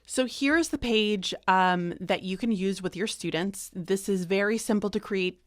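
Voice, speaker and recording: A woman's voice: medium pitch, measured pace, no echo, studio quality. A woman teacher trainer walking through a vocabulary worksheet on screen, upbeat and self-deprecating, talking while she writes. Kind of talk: instructional screen walkthrough.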